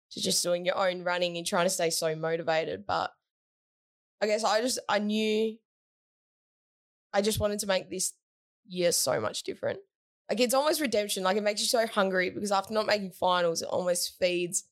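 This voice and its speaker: Upbeat woman, team captain. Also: fairly low pitch. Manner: upbeat, with frequent "like" and "yeah" fillers. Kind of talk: casual interview chat.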